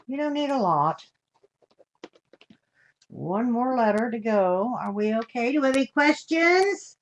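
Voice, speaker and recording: A woman's voice: on the high side, animated, a little slow. An older woman hosting a live craft demonstration, chatting in a homey way and greeting viewers with endearments. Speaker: craft show host.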